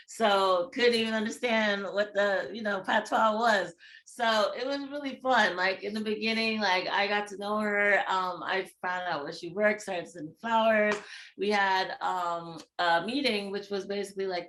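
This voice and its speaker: A woman as a podcast guest, telling a story in casual chat, animated and laughing between quick asides. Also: medium pitch.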